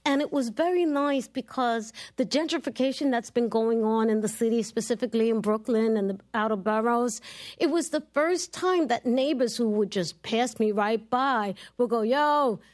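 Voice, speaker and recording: Animated New woman storyteller. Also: fairly high pitch, moderate pace. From New York City. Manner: animated storyteller, acts out quotes. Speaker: podcast host guest. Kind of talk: casual chat on a live show.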